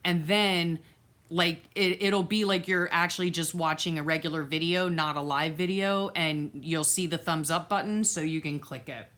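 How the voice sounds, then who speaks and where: Woman, lowish voice, casual live-stream chat, rambling, friendly thanks to viewers, drifts off mic at times. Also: fairly even intonation, normal speed, fairly bright tone. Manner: chatty, reads viewer comments aloud, thanks viewers by name; many fillers and restarts, easily distracted. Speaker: crafting livestream host.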